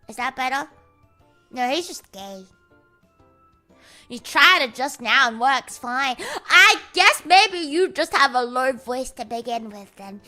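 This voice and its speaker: A woman's voice: sits high, lively intonation, unhurried, bright, forceful tone, soft background music. A young woman chatting on a livestream, playful and exaggerated, swearing freely. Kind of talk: casual stream chat.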